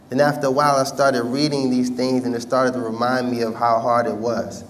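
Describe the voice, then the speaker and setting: A man's voice: medium pitch, recorded from a distance, slight background noise. American man telling his story, from afar. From United States. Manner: conversational storytelling, addresses audience directly. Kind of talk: personal testimony talk.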